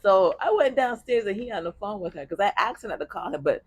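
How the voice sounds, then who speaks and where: A woman telling a personal story in casual chat, blunt and profane, with an animated delivery. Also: mid-range voice, quick pace, husky, no echo. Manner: blunt, profane, animated retelling with bursts of laughter.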